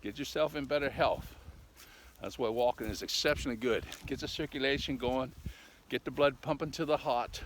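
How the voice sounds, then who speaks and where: A man's voice: medium pitch, normal speed. An older man talking casually while walking his dogs outdoors on a country road, folksy and chatty, tagging "eh?" onto his lines and a little out of breath. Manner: folksy, talkative, ends lines with "eh?". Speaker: vlogger. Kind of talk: casual rambling monologue. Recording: noisy outdoor recording. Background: dogs and rural outdoor sounds.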